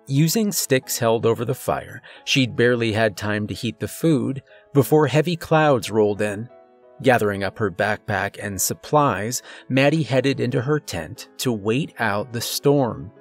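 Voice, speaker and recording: A man narrating a horror story in a measured, scripted storytelling delivery. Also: mid-range voice, soft background music.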